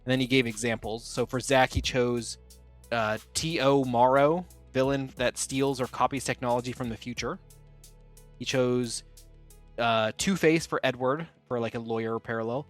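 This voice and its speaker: A man hosting a casual podcast chat, briskly running listener questions and laughing easily. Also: mid-range voice, steady tone, faint music behind. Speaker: podcast host.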